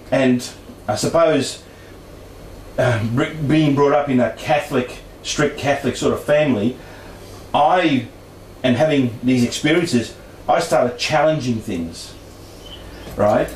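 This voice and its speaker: A man, telling a personal story in a meandering way with frequent restarts and asides, as a guest speaker at a discussion group. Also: medium pitch. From Brisbane, Australia. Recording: roomy room, distant mic, faint background noise.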